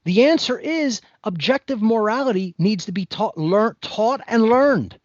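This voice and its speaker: A man's voice: high voice, animated, a little slow, a little mellow, no room sound, highs cut off. A man speaking as a podcast guest in an impassioned monologue, blunt, preachy and emphatic.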